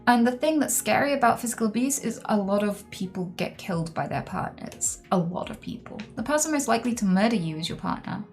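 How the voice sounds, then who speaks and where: A woman with a slightly high voice talks frankly to her stream audience, recounting personal stories in a loose, unscripted way. Faint music plays softly behind her. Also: expressive, a little fast, few pauses. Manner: frank, candid storytelling. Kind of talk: casual live-stream chat.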